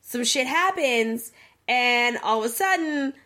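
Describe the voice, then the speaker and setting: Animated, profane woman retelling a story. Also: a little high, slow pace. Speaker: podcast co-host. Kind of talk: casual chat retelling a game story.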